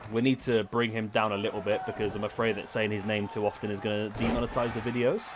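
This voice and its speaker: A man's voice: fairly low pitch, level tone, fast, noisy background. Chatty man streaming a wrestling game. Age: 30s. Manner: chatty, talks to chat viewers. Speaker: gaming streamer. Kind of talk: casual live-stream commentary.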